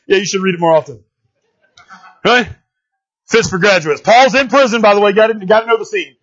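A pastor preaching a lively, conversational sermon, often checking in with his listeners. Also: high voice, a little fast, pauses often, highs cut off.

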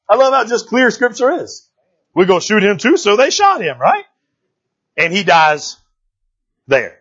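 A man's voice: high-pitched, sing-song, a little slow, fairly bright tone, breathy edge. A man preaching through a Bible passage, retelling the story in slangy, joking asides. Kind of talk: casual sermon storytelling. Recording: dull lo-fi recording.

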